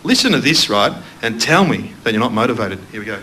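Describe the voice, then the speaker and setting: A man's voice: mid-range voice, sing-song, fast talker, bright, forceful tone. An Australian man from Melbourne doing a stand-up comedy set, bantering loosely with the audience and mocking himself. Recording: noisy live club recording.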